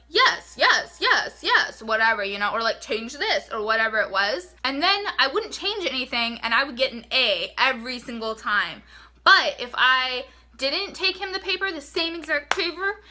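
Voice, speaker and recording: A woman's voice: on the high side, pushed and bright. A young woman giving frank college advice in a chatty vlog, peppering her talk with "like". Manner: chatty, frank, fills speech with "like". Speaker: vlogger giving college tips.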